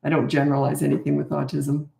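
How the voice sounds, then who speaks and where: A woman in her sixties with a gravelly, creaky edge to her voice answers parenting questions in a candid, self-deprecating chat. Her voice rings in a roomy, echoey space. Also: sits low, monotone, fast talker, dark tone. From Canada. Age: 60s. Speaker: parenting coach. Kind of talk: live Q&A chat.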